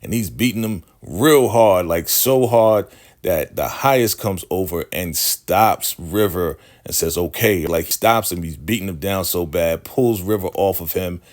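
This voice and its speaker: Deep-voiced male vlogger, casual episode recap, chatty and conversational. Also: a little slow. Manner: chatty, keeps asking "right?", acts out quotes. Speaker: show recapper.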